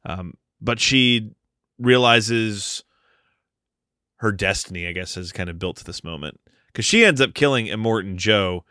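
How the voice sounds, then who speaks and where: Guy on a movie podcast, kinda low, bright edgy tone, swears a lot. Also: animated, a little slow, smooth, no room sound, clean studio sound. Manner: loose, profane, riffing. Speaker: podcast co-host. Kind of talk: casual movie-review chat.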